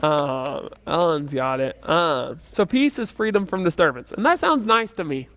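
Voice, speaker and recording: A man's voice: on the high side, lively intonation, moderate pace, a bit bright. A man leading a casual church youth lesson in a rambling, chatty way, full of fillers and restarts. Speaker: youth Bible teacher.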